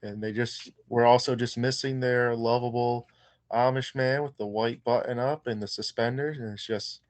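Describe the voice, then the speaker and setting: A man's voice: medium pitch, fairly even intonation, normal speed, no echo. A young man, a wrestler guest in an interview, talking in a laid-back, joking way. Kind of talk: casual interview chat.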